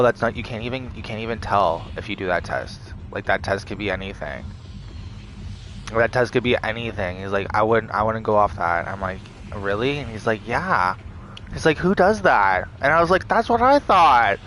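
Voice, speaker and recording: A young man casually telling a story to the camera, animated, quoting others in a raised voice, with laughs and swearing. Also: fairly low pitch, slight background noise. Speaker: vlogger.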